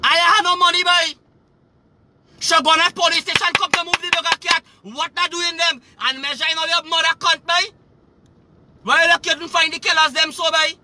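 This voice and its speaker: Brief: Trinidadian man, live-stream rant, very high and strained voice, angry and profane, faint background noise. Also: level tone, moderate pace. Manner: agitated, profane, repetitive shouting. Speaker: livestreamer.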